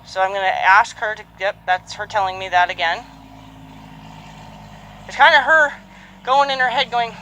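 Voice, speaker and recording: A horse trainer talks through a training session outdoors, calmly coaching and softly praising the horse again and again. The voice is bright and forward, with faint hoofbeats and open-air ambience underneath. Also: medium pitch, moderate pace, pauses often, a little hiss or hum, low-quality recording. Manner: calm coaching, repeated soft praise to a horse. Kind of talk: live training commentary.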